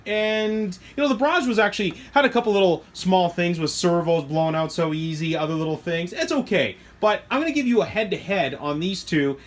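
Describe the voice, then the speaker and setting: Excitable rambling man. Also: a little fast, few pauses. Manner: excitable, rambling, jumps to high squeals when thrilled. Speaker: hobby shop owner reviewing RC trucks. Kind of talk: casual product review.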